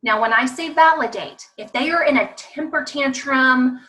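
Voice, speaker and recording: A woman's voice: high-pitched, normal speed, sharp tone, distant mic, rough recording. A woman from the American South gives an online parenting talk, speaking emphatically and often asking the audience rhetorical questions.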